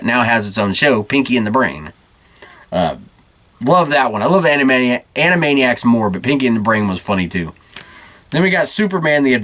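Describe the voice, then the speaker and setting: A man's voice: medium pitch, fairly bright tone. Chatty man hosting a nostalgia podcast. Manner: chatty, rambling, with many fillers. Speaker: podcast host. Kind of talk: casual nostalgic monologue.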